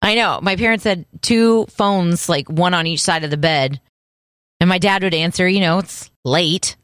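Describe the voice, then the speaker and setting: A woman's voice: fairly low pitch, normal speed, no echo, clean studio sound. A middle-aged woman co-hosting a casual chat show, playfully running a quiz and telling stories. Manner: playful quiz-master, lively and chatty. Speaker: co-host.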